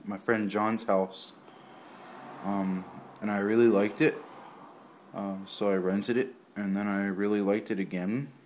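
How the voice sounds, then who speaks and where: A man's voice: lowish voice, noisy background. A man casually talking to camera in his home kitchen, rambling and hesitant, with lots of fillers. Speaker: vlogger. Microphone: camera microphone.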